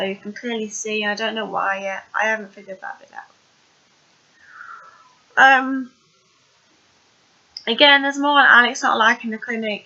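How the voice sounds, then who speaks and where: A woman's voice: fairly high pitch, pushed and bright, lo-fi sound. A woman casually recapping a TV episode, chatty and rambling with plenty of fillers.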